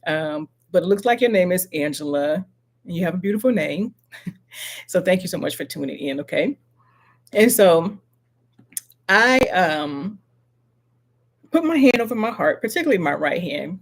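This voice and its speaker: In a voice on the low side, a middle-aged woman leads a motivational live stream, talking slowly and earnestly. She repeats each affirmation again as if speaking to just one viewer, sitting close to her mic.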